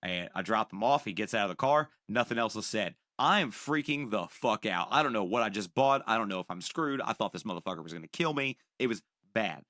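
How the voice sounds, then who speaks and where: Bright-voiced man telling a wild story. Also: lowish voice, a little fast, hardly any pauses, dry recording, studio quality. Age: young adult. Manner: animated, profane, acts out quoted voices. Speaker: podcast co-host. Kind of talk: casual storytelling.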